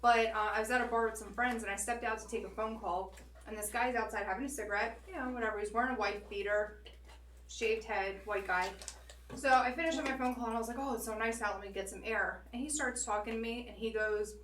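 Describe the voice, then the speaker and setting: Woman co-host, fairly high voice, blunt profane storyteller, miked from a distance. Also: fairly even intonation, fast talker, fairly bright tone, roomy sound, a little hiss or hum. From Northeast Philadelphia. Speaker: podcast co-host. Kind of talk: casual chat, storytelling.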